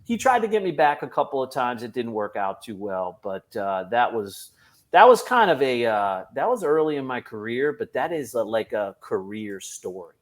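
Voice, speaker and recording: A man's voice: medium pitch, normal speed. Man telling a funny work story. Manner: animated, laughs through his own story. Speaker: police officer guest. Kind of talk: casual storytelling on a podcast.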